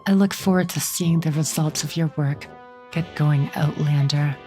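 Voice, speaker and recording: A woman's voice: deep voice, moderate pace, warm tone, faint music behind, close to an everyday voice. A woman voicing an arrogant, villainous woman general who taunts with contempt. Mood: mocking.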